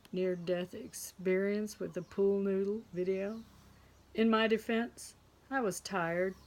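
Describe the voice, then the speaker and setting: A middle-aged woman tells a deadpan comic story straight to her camera at home. Her voice has a gravelly rasp, and she drops to a hushed tone whenever a punchline lands. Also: medium pitch. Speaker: comedy contest entrant. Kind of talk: deadpan stand-up monologue to camera. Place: home, indoors.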